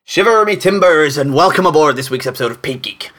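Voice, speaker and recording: A man's voice: lowish voice, huge pitch swings, extremely slow, gravelly, bright, forceful tone, soft background music, voice pushed down, heavily acted. A man hamming up the voice of a swaggering male pirate captain for a comic podcast intro. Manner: theatrical growling pirate talk.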